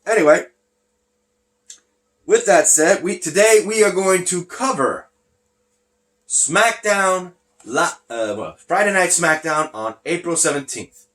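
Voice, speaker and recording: Speaking through a face mask, this man hosts a laid-back wrestling recap podcast, rambling, losing his thread, and getting slightly winded. His voice sits high with a fairly bright tone, and he's animated but unhurried, pausing often.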